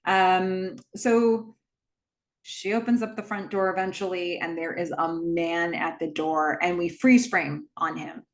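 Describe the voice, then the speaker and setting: A woman's voice: lowish voice, steady tone, unhurried. A woman casually retelling a horror film scene by scene, dropping her voice to quote the characters' dialogue. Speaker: movie recap host. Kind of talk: casual film recap narration.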